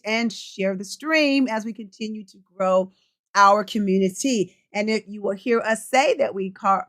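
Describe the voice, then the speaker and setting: A middle-aged woman with a mid-range, somewhat bright voice coaches and hosts a casual livestream. She chats freely, reads viewer comments aloud, and laughs a lot.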